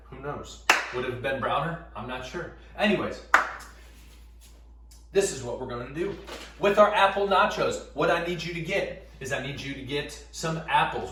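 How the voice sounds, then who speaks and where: A young man coaching an upbeat class with a voice a little higher than most men's. He counts reps and keeps checking in with "all right?". He is recorded from a few steps off the mic in a very echoey room, with faint room noise behind him. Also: a bit bright, distant mic. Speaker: PE teacher leading a workout and recipe. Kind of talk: energetic class instruction. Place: indoors, gym then home kitchen.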